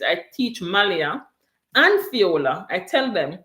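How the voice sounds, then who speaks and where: A woman's voice: medium pitch, sing-song, measured pace, pushed and bright, echoey room. A mother talking in a casual chat about raising her kids, earnest and emphatic, repeating her key points. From came to Canada from abroad. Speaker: parent sharing experiences on a livestream.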